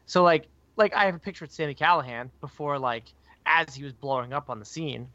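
A man's voice: fairly high pitch, fairly quick, pushed and bright, no echo. A man co-hosting a podcast in casual chat, rambling and filling his talk with "like". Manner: rambling, fills speech with "like". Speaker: podcast co-host. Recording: dull lo-fi dry sound.

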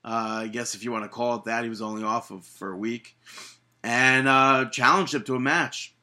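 A man's voice: medium pitch, fairly even intonation, normal speed, bright, forceful tone. A man hosting a wrestling podcast, talking casually with lots of filler words and some sarcasm. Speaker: podcast host.

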